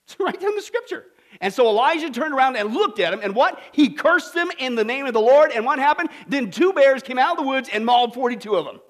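High-voiced animated male preacher. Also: fast talker. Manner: animated preaching with folksy asides and acted-out voices. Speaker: pastor. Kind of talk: sermon.

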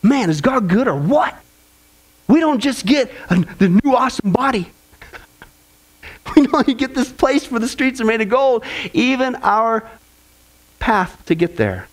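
High-voiced emphatic male preacher. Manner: emphatic, rising to a high pitch on quotes. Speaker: pastor. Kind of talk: sermon.

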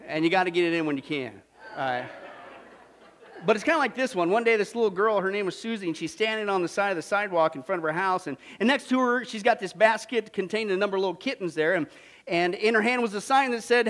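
A man preaching a sermon with jokes, animated, swinging from loud to hushed. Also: high-pitched, quick pace. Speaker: pastor.

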